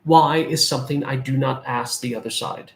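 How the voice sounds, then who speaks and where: A man's voice: medium pitch, fairly even intonation, moderate pace, vocal fry, slight background noise. A man in his forties, a medium and life guide, giving an earnest spiritual talk to viewers and repeating phrases for emphasis.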